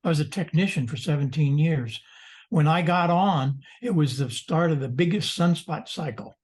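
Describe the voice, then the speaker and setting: Older male guest speaker, husky tone, lively yarn-spinner on a video call. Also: a little high, moderate pace. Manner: animated, storytelling, mock-indignant asides. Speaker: guest presenter.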